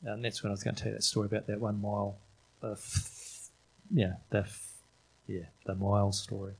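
A man's voice: fairly low pitch, little pitch movement, brisk, vocal fry, darkish tone, slightly rough, low-quality recording. A middle-aged man preaching an informal sermon in a chatty, enthusiastic way, often restarting his sentences. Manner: conversational, enthusiastic, frequent restarts and fillers.

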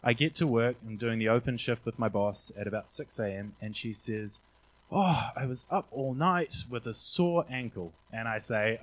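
A man's voice: medium pitch, moderate pace, low-quality recording. A young man, casually sharing faith testimonies with lots of "um" and acted-out quotes. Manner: rambling, frequent "um", acts out quotes. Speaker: church member sharing testimonies.

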